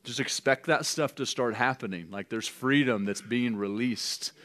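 A man pastor preaching in a loose, conversational way to his church family, with halting restarts and light laughs. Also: medium pitch, a bit bright. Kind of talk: informal charismatic preaching and prophecy. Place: church gathering.

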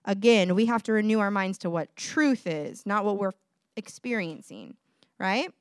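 A woman's voice: mid-range voice, animated, normal speed, smooth, dry recording, studio quality. A young woman giving a casual sermon in a conversational way, laughing often and using lots of fillers. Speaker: preacher.

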